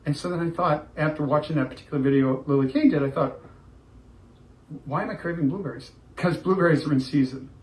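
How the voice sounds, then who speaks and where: A man's voice: a little high, fast, darkish tone. A man talking casually in a vlog clip, thinking aloud and rambling about food cravings. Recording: echoey room with faint ambient noise.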